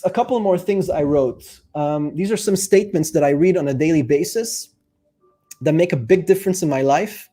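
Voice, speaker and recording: A man's voice: fairly high pitch, warm tone. A man coaching viewers in a casual, earnest monologue, thinking aloud with fillers and speaking openly about his feelings. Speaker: life coach. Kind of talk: casual reflective monologue to camera.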